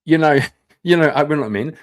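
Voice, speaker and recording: Speaking quickly in a fairly high voice, a man chats with viewers on his live stream. He rambles as he reacts to them, cursing and laughing a great deal.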